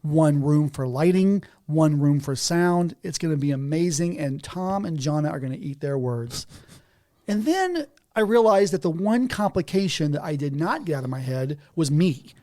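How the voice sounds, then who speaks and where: A man's voice: a little high, normal speed. A man as a podcast guest in a house, telling stories animatedly and laughing between sentences. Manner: animated storytelling, often laughing mid-sentence. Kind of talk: casual conversation.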